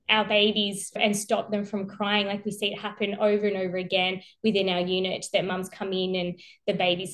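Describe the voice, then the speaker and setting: A woman, a nurse who is a guest on a podcast, telling stories in a lively way, laughing often and acting out quotes. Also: mid-range voice. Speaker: perinatal mental health nurse, guest. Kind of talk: casual conversation.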